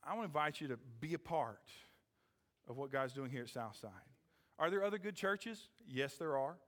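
A man's voice: fairly high pitch, expressive, normal speed, in a large hall. Emphatic preaching pastor, man. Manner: emphatic preaching, rising to loud questions and dropping to a hush; repeats "okay?" and "amen?" to the congregation. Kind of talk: sermon.

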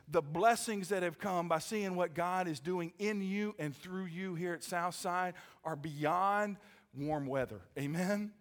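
High-voiced pastor preaching with fervor. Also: male voice. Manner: emphatic preaching with frequent "amen?" calls, dropping to a hushed altar call. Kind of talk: sermon.

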